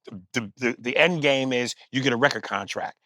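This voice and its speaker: A man with a New York accent, a comedian and podcast guest, telling stories in lively, profane conversation. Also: mid-range voice, fairly quick, dry recording, studio quality. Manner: animated comic storytelling, profane. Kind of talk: casual conversation.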